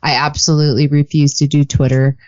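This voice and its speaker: A woman's voice: low voice, level tone, a little fast, a little mellow, no echo. A woman co-hosting a casual podcast, chatty and teasing, laughing easily. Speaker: podcast co-host. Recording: dull lo-fi podcast audio.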